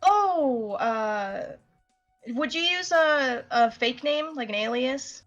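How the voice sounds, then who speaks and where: A woman voicing a sleazy, scheming male nobleman who leads criminals, speaking in a halting, hesitant way with a faltering German accent. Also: high voice, lively intonation, a bit bright, highs cut off, faint music behind, exaggerated voice.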